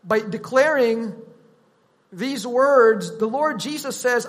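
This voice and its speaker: A man preaching a sermon, teaching in a deliberate, emphatic way. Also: very high-pitched, lively intonation, a bit bright, in a large hall.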